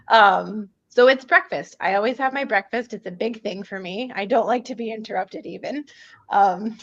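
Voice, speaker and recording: A woman's voice: medium pitch, moderate pace. A woman coach giving casual nutrition advice on a group video call, chatty, with frequent laughs and ums. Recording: muffled video-call audio.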